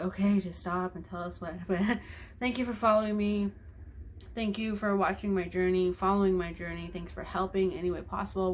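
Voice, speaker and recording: A woman's voice: mid-range voice, a little hiss or hum. A young woman talking in a personal video diary, emotional and grateful, rambling with fillers. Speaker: vlogger.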